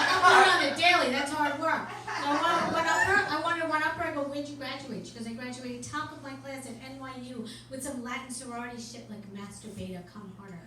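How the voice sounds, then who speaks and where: A middle-aged woman working a stand-up set with a high voice and a deadpan, brash, foul-mouthed delivery. She sounds far from the mic in a very echoey club, with loud noise under her. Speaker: stand-up comedian. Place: comedy club stage.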